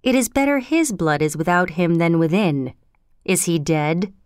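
A woman voicing a haunted, guilty male king in a storybook reading, speaking in slow, dramatic outbursts. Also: fairly low pitch, expressive, darkish tone, clear, resonant tone, no echo, studio quality, lightly acted. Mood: cold.

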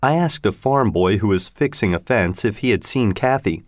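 Man narrator, measured storybook read, dry close sound. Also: on the low side, expressive, no room sound. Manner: slow, measured reading.

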